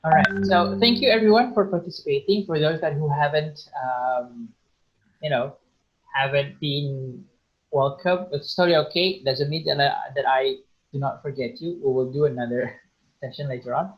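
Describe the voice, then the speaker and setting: A man's voice: fairly high pitch, dull audio. Indonesian-accented man teaching English online. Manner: encouraging, patient, repeats words slowly to model pronunciation. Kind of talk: online vocabulary lesson.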